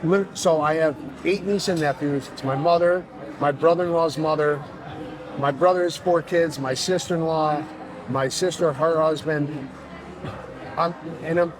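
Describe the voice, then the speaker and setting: A man, a fitness coach chatting as a podcast guest, blunt and profane, telling animated stories. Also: on the high side, moderate pace, low-quality recording. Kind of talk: casual podcast chat.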